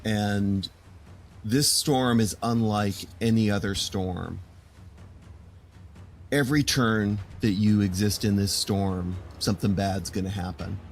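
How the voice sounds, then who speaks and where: A man narrating a tabletop game as game master, slow and measured, with many fillers. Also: lowish voice.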